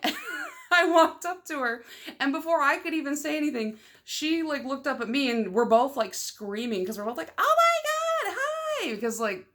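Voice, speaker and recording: A woman's voice: sits high, brisk, a little hiss or hum. Chatty, rambling young woman vlogger. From Michigan. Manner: chatty, rambling, lots of "like" fillers; excitable and loud, laughs often. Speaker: nail polish vlogger. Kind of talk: casual vlog chat.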